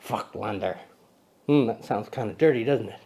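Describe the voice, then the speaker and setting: A man's voice: medium pitch, moderate pace, background noise. Playful joking man hosting camera chat. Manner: playful, teasing, talks to a little buddy sidekick; loose and rambling, with many ums and self-corrections. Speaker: camera channel host.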